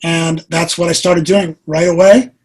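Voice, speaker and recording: A man in his sixties, a podcast guest, earnestly telling a personal story with animated delivery. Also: fairly high pitch, measured pace, husky, rough recording. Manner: earnest, animated storyteller who acts out quotes.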